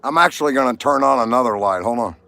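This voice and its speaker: A man's voice: mid-range voice, fast, gravelly, sharp tone. Chatty man hosting a livestream. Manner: chatty, jokey, talks to viewers. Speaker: livestream host. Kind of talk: casual livestream chat and joke telling.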